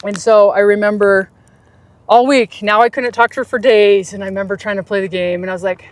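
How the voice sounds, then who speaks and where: Animated woman telling a personal story. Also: brisk. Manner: animated, jumps high in pitch when quoting others; laughs easily, drops soft and low on reflective parts. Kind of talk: casual storytelling chat.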